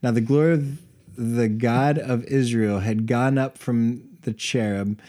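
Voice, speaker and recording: A man with a mellow, warm voice co-hosts a relaxed Bible study podcast. He reads passages aloud in a steady, even way. Then he slips into easygoing chat with quick laughs. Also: medium pitch. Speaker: podcast co-host.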